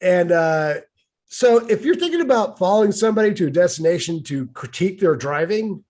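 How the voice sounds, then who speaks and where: Brief: middle-aged man, animated and wry storyteller, somewhat high voice that swings up and down. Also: brisk. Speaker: vlogger telling a personal story. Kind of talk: casual storytelling.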